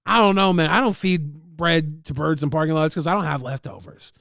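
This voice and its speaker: A man's voice: fairly high pitch, a little fast, creaky, fairly bright tone, no room sound, clean studio sound. A man streaming live, mocking a video with sarcastic, profane commentary.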